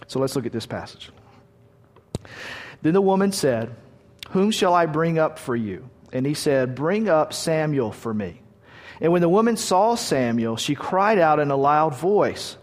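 A man's voice: on the high side, lively intonation, normal speed. Man preaching in a reverberant hall. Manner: conversational, retells stories with restarts. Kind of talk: sermon with scripture reading.

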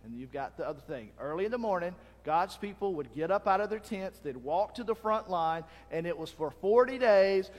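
Animated man preaching in a hall. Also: high-pitched, moderate pace, hardly any pauses. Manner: animated, acts out crowd shouts. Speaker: pastor. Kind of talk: sermon. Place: church hall. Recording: long reverb of a hall.

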